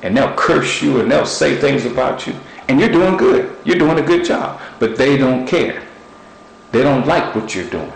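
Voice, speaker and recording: A man's voice: medium pitch, lively intonation, moderate pace, gravelly. A middle-aged man preaching a sermon, repeating short phrases and using objects as illustrations. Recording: echoey room with faint noise.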